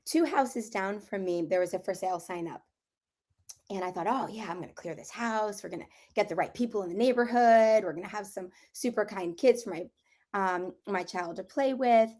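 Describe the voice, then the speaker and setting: Hoarse-ish woman telling a story in a casual chat, acts out the other voices. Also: medium pitch, normal speed. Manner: animated storyteller, acts out quotes, laughs while telling. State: slightly hoarse, clearing throat. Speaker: property clearing practitioner. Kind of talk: casual group conversation, storytelling.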